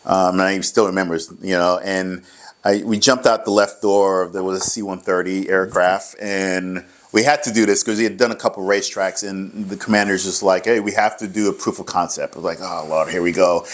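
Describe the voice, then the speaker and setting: Low-voiced middle-aged man telling rambling stories. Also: steady tone, a little fast. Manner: rambling, laughs often, acts out quoted dialogue. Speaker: rehab clinic director, guest. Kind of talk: casual interview storytelling.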